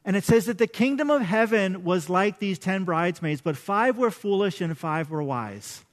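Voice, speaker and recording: A middle-aged male pastor preaching to his congregation, animated and interactive, quizzing the audience. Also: high voice, moderate pace. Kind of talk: sermon. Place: church service.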